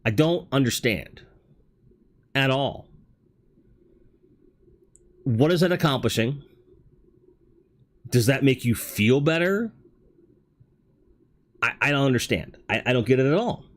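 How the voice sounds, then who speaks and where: A man's voice: medium pitch, animated, takes it slowly, pauses often. A man hosting a livestream talk show, speaking candidly in a rambling way and swearing casually. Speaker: host.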